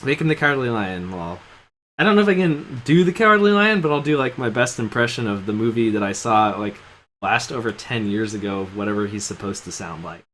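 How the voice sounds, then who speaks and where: A man's voice: fairly low pitch, expressive, brisk, a bit bright, slight background noise, rough recording. A man casually commenting while he plays and voices a video game, with rambling, self-mocking asides. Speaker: streamer. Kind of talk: casual let's-play commentary and voice acting. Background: game music.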